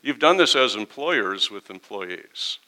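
A middle-aged man preaching from the pulpit in a relaxed, conversational way. His voice sits a little low and has a very bright, forceful edge. He drops into quick little acted-out dialogues to make his points. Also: rough recording. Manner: conversational preaching, acts out quoted exchanges. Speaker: pastor. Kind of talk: sermon.

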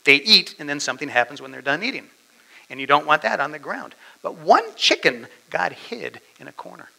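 A male preacher giving a dramatic sermon, swinging from loud declarations down to whispers. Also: a little high, very animated, brisk, vocal fry, low-quality recording.

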